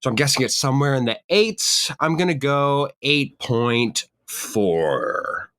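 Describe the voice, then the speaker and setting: A man's voice: mid-range voice, expressive, slow pace, a bit bright. A man co-hosting a casual podcast, playful and teasing as he guesses scores. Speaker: podcast co-host. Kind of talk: casual chat.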